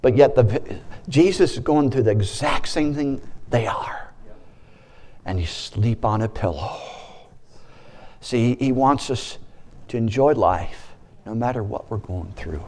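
Brief: male pastor delivering a sermon, animated with playful asides and a wide-ranging voice. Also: medium pitch, a little slow.

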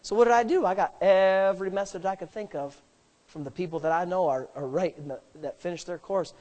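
A middle-aged man, a pastor preaching a sermon that swells from plain storytelling into loud, emphatic declarations. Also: sits high, brisk.

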